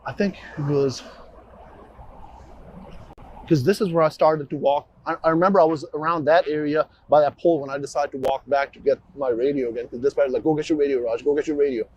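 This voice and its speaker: A man, a police officer, giving a halting recorded account full of restarts. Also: fairly high pitch, steady tone, darkish tone, highs cut off, slight background noise. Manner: halting, with frequent restarts and fillers.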